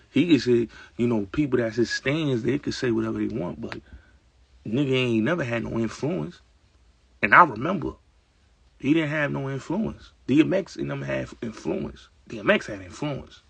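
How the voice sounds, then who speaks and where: Gravelly and raspy in a mid-range register, the host of his own show gives a casual, opinionated monologue with no room sound. The talk is emphatic and streetwise, with repeated points and frequent fillers.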